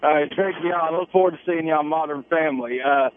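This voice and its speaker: A man's voice: on the high side, quick pace, phone-quality sound, a little hiss or hum. A man with a Southern US accent calling in to a radio show, politely asking the guest questions. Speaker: caller. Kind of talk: call-in radio talk.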